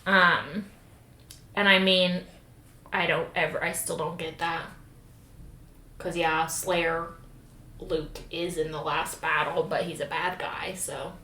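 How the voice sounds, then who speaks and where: A woman co-hosts a podcast, recapping a book with animated, profane storytelling. Her voice sits in a roomy space with a faint hiss behind it. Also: lowish voice, slow pace, pauses often. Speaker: podcast co-host. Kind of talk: casual chat recapping a book. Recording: roomy sound with faint noise.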